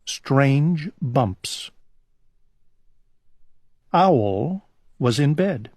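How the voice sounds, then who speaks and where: A man reading a children's storybook aloud in a calm, gentle, unhurried way. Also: mid-range voice, husky, no echo, clean studio sound.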